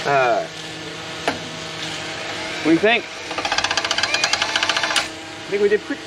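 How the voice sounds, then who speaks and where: A man's voice: on the high side, big pitch swings, slow pace, pauses often. A man, rambling casually about his backyard project and joking as he goes. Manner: rambling and joking, given to side rants. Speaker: DIY maker vlogger. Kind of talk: casual workshop chat. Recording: outdoor ambience with noise.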